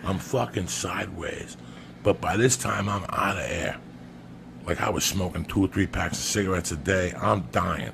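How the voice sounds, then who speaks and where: This podcast storyteller has a gravelly, low-pitched voice and talks at normal speed over background noise. His tale is crude and funny, full of profanity and emphasis, and he repeatedly addresses his listener by name.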